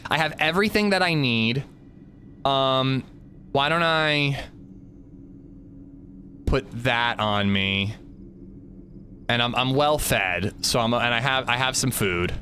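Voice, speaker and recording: Male streamer, anxious and jittery, pitch leaping all over, faint noise behind. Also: animated, slow pace, pauses often, pushed and bright. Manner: anxious, jittery, talking himself through it. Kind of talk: live gameplay commentary.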